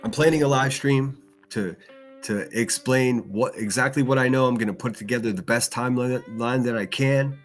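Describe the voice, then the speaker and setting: A man's voice: medium pitch, normal speed, soft background music. A man hosting a livestream, ranting angrily with lots of swearing and repeated phrases. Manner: heated, profane, repeats himself. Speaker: livestream host. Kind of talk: angry ranting commentary.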